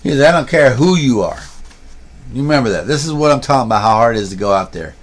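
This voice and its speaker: Man, casual livestream chat, rambling storyteller, handheld camera, mid-pitched voice. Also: lively intonation, fast talker. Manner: chatty storyteller, rambles with restarts and asides. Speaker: streamer and vlogger.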